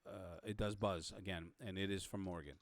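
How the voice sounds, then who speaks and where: A man narrating a tabletop game as game master, halting, with many fillers and restarts. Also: sits low, fairly even intonation.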